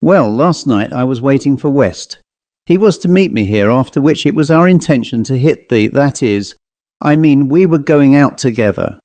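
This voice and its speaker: A man's voice: medium pitch, lively intonation, moderate pace, darkish tone, no echo, close to an everyday voice. A man voicing a boastful, fanciful young male office clerk who talks in a sly, teasing way.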